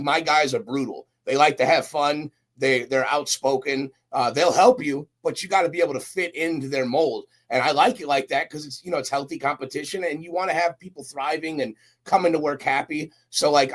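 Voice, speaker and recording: A young man, a guest on a podcast, chatting casually with lots of slang and storytelling. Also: medium pitch. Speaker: guest, roofing company recruiter.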